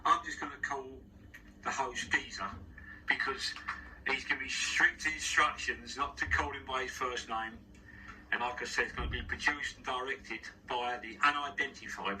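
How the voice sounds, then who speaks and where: Man, London accent, interview guest; very bright, sharp voice, set back from the mic over faint noise; rambling, frank, swears. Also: mid-range voice, normal speed, far from the mic, rough recording. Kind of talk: casual spoken monologue. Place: studio. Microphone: wearing headphones.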